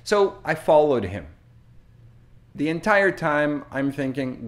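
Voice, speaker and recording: A man who teaches English, telling a story slowly and deliberately as a lesson and acting out the quotes. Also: a little high, sing-song. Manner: slow, deliberate, acts out quotes.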